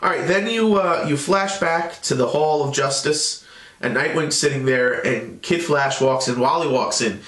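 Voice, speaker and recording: A man's voice: on the high side, normal speed, fairly bright tone. Rambling man recapping an episode, echoey. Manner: rambling, loose retelling. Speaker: show reviewer.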